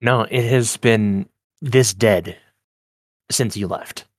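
A man's voice: fairly low pitch, slow pace, no echo, studio quality. A man narrating as game master of a tabletop role-play game, blunt and terse, cursing freely.

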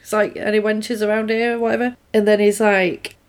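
A woman casually retelling a film's plot scene by scene, quickly voicing the characters' lines as she goes. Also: mid-range voice, flat delivery, smooth. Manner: chatty, retells scenes with quick quoted voices. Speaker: podcast co-host recapping a film. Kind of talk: casual chat.

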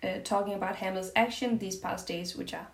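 A woman's voice: mid-range voice, steady tone, fairly quick, gravelly. A woman co-hosting a podcast in casual chat, giggly and full of fillers. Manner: giggly, chatty, many fillers like "like" and "uh". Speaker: podcast co-host.

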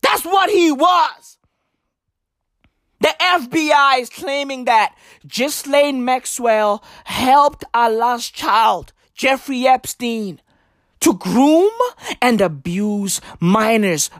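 A woman doing a satirical comedy rant, loud and profane, often bursting into mock-outraged shouts and heavy street slang. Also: fairly high pitch, slow pace, dry recording, clean studio sound.

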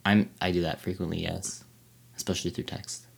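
A man co-hosting a casual podcast chat, talking hesitantly with many fillers and pauses. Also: low voice, flat delivery, creaky, slightly rough. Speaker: podcast co-host.

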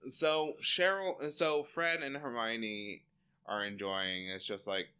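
A man co-hosting a podcast, recapping a TV episode in casual chat, animated and laughing, acting out the characters in silly voices. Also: medium pitch, slow pace, clear, resonant tone. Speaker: podcast co-host.

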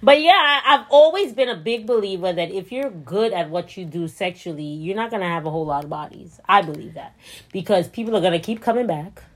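Blunt, animated young woman co-host. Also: brisk. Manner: blunt and animated, bursts into high laughter. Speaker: podcast co-host. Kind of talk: casual chat.

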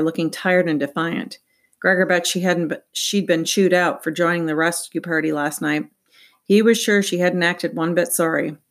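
Woman reading an audiobook, low voice. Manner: steady reading with small slips. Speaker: audiobook narrator. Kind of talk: audiobook narration.

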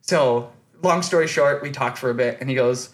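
In a medium-pitched voice at normal speed, a man spins a long, rambling story on his podcast. As host, he keeps it casual, with plenty of restarts and filler words.

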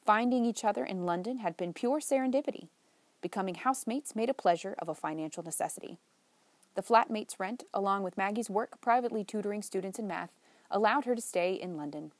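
A woman narrating a novel in a measured, lightly wry storytelling manner. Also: mid-range voice, dry recording. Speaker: audiobook narrator. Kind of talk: scripted narration.

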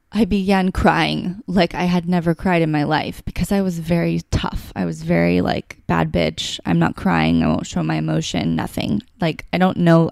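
A woman's voice: fairly low pitch, gravelly, darkish tone, no room sound, studio quality. A woman telling a personal story in a candid, heartfelt way, full of "like" and "you know". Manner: emotional, heartfelt, filler-heavy with frequent "like".

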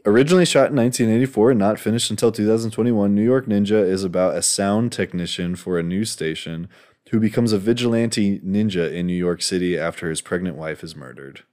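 A man's voice: on the low side, a little fast, a little mellow. A man co-hosting a podcast, chatting casually with dry, laid-back remarks. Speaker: podcast co-host. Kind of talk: casual chat.

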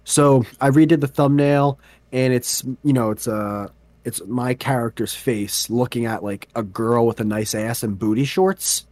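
A man co-hosting a podcast in casual chat, telling stories in an animated way and swearing freely. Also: medium pitch, unhurried, dry recording. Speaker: podcast co-host.

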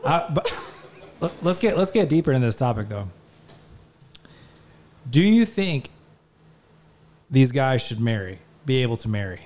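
A man's voice: medium pitch, expressive, a little fast, a little mellow, slight background noise. A man in a casual podcast chat, pushing his points bluntly. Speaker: podcast guest.

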